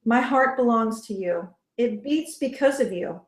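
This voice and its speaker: A woman's voice: a little high, expressive, measured pace. A woman reading the lines of a brooding young man who pleads with his partner not to take a risk, in an earnest, pleading way. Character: brooding young man, worried and protective lover. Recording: roomy echo.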